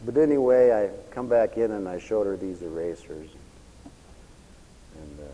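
A man preaching a sermon, telling stories and acting out the lines of the people in them, dropping to a hush and then building to fervent cries. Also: on the low side, animated, moderate pace, pauses often, slight background noise. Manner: storytelling with acted-out quoted dialogue, swinging from hushed to fervent cries. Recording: long echoey hall reverb.

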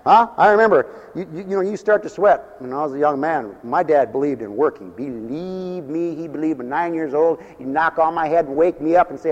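A man's voice: medium pitch, animated, brisk, darkish tone, lo-fi sound. A middle-aged or older man preaching a folksy, joking sermon that rises into fervent hallelujahs. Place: church mission hall. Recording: echoey hall.

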